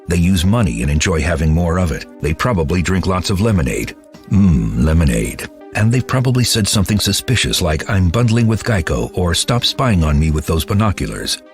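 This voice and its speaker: A man reading a playful scripted ad in a wry, mock-conspiratorial tone. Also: low-pitched. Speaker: ad announcer.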